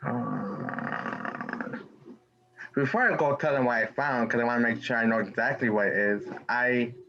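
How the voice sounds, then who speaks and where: Brief: male player, slow and lively in pitch, rambling, dull lo-fi mic with faint noise. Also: vocal fry. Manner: rambling, restarts mid-sentence. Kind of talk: casual tabletop play.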